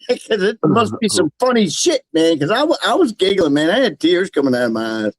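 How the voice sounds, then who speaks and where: A man's voice: a little high, very animated, fairly quick, hardly any pauses, dry recording, low-quality recording. An older man telling a funny anecdote in a casual, giggly way during a livestream. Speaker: livestream guest. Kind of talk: casual storytelling.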